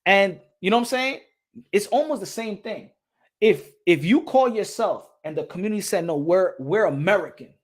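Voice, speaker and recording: High-voiced man ranting heatedly. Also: lively intonation, moderate pace. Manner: heated, profane, repeats himself. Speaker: boxing channel host. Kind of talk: casual opinion rant to camera.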